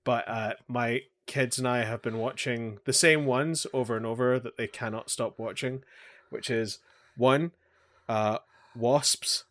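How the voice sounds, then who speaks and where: A man co-hosting a casual podcast chat, talking in a halting way with many fillers and restarts, often chuckling through his stories. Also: mid-range voice, fairly even intonation, fairly bright tone. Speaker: podcast co-host. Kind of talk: casual chat about anime and pop culture.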